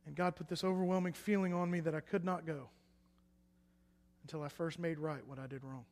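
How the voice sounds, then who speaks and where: A man's voice: fairly high pitch, steady tone, a little fast. Preacher man in an echoey hall. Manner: swings from loud emphatic bursts to hushed quiet lines. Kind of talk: sermon testimony.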